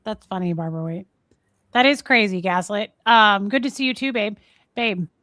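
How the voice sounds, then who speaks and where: A woman co-hosting a podcast, telling a long personal story in a casual, animated way, acting out the other people in it and filling her talk with "like" and "um". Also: medium pitch, normal speed, no room sound, clean studio sound. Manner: animated storyteller, acts out quoted voices, many fillers. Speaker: podcast co-host.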